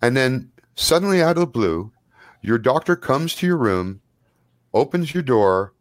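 A man narrating a tabletop role-playing game as game master, in a relaxed, loose way with plenty of fillers. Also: medium pitch, unhurried, no echo, studio quality.

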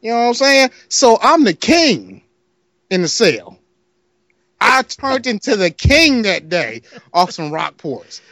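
A man's voice: sits high, slow, dry recording, studio quality. A man with a Detroit accent, casually telling a long story on a podcast, acting out the other people's lines and laughing as he goes. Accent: Detroit, Michigan. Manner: animated storyteller, acts out other voices, laughs often.

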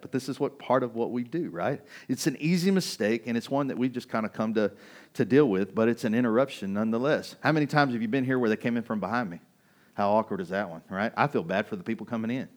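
A pastor with a medium-pitched voice preaches in a relaxed, conversational style, sharing a personal story and putting questions to his congregation. The setting is a restaurant serving as a church hall.

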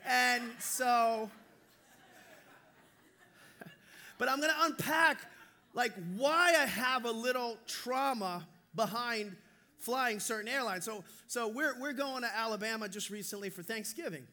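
A male pastor preaching a sermon, telling stories in an animated, joking way. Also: extremely high pitch, a little slow.

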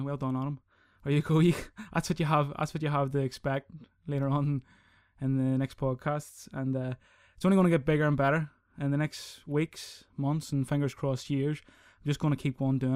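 A man's voice: mid-range voice, a little fast, hardly any pauses, clean tone, no echo, clean studio sound. A young man hosting his own podcast, ranting casually and swearing a lot. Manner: sweary, rambling, animated. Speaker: podcast host. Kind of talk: casual solo podcast rant.

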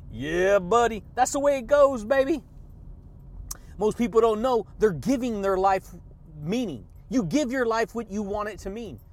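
A man hosting a motivational podcast monologue, hyped and energetic, laughing often and shouting catchphrases. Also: high-pitched, a little slow. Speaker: podcast host.

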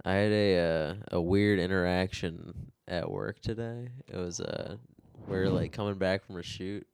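Young man, low voice, casual joking chat, dry close recording. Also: expressive, a little slow, creaky, a little mellow, smooth, no room sound. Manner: easygoing, joking, gestures while talking.

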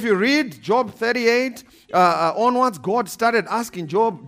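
A pastor preaching a sermon, animated and emphatic, repeating scripture references and laughing between points. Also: male voice, very high-pitched, slow pace, few pauses.

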